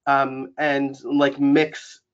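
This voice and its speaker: Over dull lo-fi webinar audio, a New Yorker talks through a casual webinar in a medium-pitched monotone, speaking very slowly. He's chatty, with a New York accent and many fillers such as "um" and "like."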